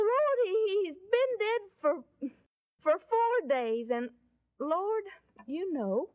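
A woman voicing Martha, a flustered grieving woman who stammers and pleads in a high, fretful voice, on a dull lo-fi recording. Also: no room sound.

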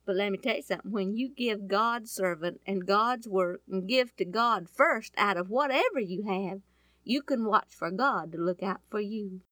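A woman telling a Bible story in a folksy, animated way, often asking her listeners questions. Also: mid-range voice, moderate pace, no echo. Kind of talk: storytelling to an audience.

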